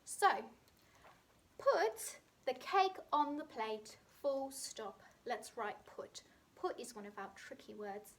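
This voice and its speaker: British woman teacher sounding out words for little kids, slow and careful, a bit high. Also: very animated. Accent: British English. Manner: slow, clearly sounded-out words with bright emphasis. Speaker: primary school teacher. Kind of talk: phonics lesson for young children.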